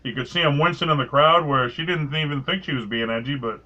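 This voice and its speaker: Boston guy hosting a podcast, talks fast, bright sharp voice, quick eager questions. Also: on the high side, highs cut off. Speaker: podcast host. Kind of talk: casual interview chat.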